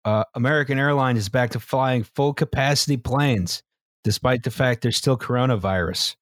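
A man's voice: mid-range voice, moderate pace. A young man hosting a podcast, bringing up news items in a dry, laid-back way. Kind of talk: casual news-recap banter.

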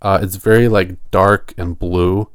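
A man co-hosting a horror podcast in casual chat, relaxed and rambling, laughing often. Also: deep voice, measured pace, clean tone, no room sound, clean studio sound. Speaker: podcast co-host.

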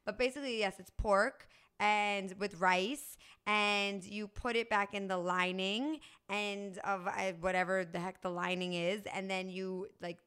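A woman's voice: medium pitch, fairly even intonation, a little slow, a bit bright, smooth. A woman co-hosting a podcast, chatting casually with many restarts and easy laughter. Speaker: podcast co-host. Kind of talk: casual chat.

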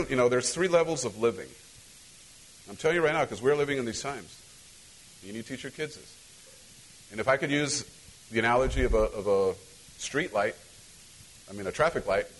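A man's voice: mid-range voice, rough recording. A middle-aged man from Mexico who is a pastor, giving a loose, conversational sermon with repeated words, restarts and emphatic rhetorical questions.

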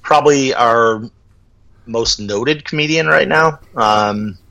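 A man's voice: mid-range voice, slow, gravelly, pushed and bright, poor audio. A man co-hosting a podcast in casual chat, easygoing with wry jokes. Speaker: podcast co-host.

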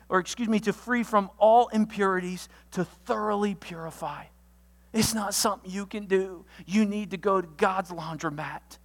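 Speaking in a mid-range voice inside a large hall, a pastor works through a numbered list of alliterative sermon points. His delivery is energetic and punctuated by sudden loud outbursts.

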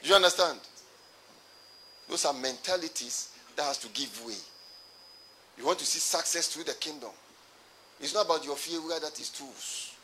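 A man's voice: fairly high pitch, normal speed, pauses often, pushed and bright, slight background noise. A pastor preaching a sermon to his congregation, repeating his phrases and calling for responses.

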